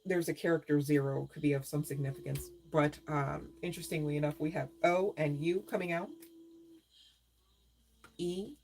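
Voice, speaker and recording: A woman's voice: sits low, steady tone, moderate pace, a little mellow. A woman doing a live-stream tarot reading, talking straight to viewers in a chatty way, often asking "right?" and laughing. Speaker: tarot reader.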